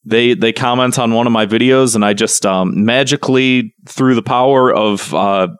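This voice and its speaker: A man co-hosting a casual podcast, telling a story with mock outrage that climbs toward near shouting. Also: mid-range voice, fairly even intonation, normal speed, clear, resonant tone, no room sound, studio quality. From Chicago. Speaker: podcast co-host.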